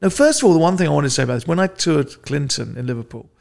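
A man's voice: a little high, expressive, rapid-fire, vocal fry, a little mellow. A middle-aged man, a comedian guest, chatting casually with wry banter. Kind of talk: casual chat.

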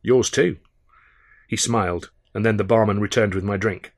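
A man's voice: lowish voice, steady tone. A man with an English accent reading his own novel aloud as first-person audiobook narration. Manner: measured first-person storytelling.

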